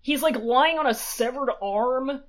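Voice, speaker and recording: A woman's voice: high voice, measured pace. A woman co-hosting a podcast, casually recapping an episode with lots of swearing. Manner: swears freely, animated retelling. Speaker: podcast co-host.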